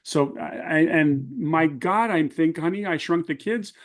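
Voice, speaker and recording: A man hosting an interview, chatting and reminiscing about films in a relaxed conversational way. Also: a little high, measured pace. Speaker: interview host.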